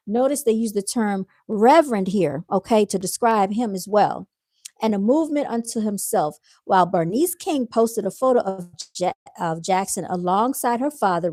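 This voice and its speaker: An emphatic woman talks straight to her audience in a pointed commentary monologue, repeating her points to press them home. Her voice sits at a middle pitch and is recorded dry and close, with no room sound. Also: a little mellow, no room sound. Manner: emphatic, repeats points, addresses viewers directly. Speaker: commentary vlogger.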